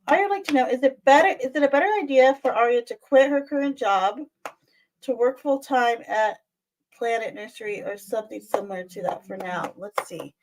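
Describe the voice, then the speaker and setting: A woman's voice: fairly high pitch, lively intonation, brisk, background noise. A woman doing live-stream tarot readings, chatty and soothing, calling viewers "my dear" and "lovey". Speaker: tarot reader.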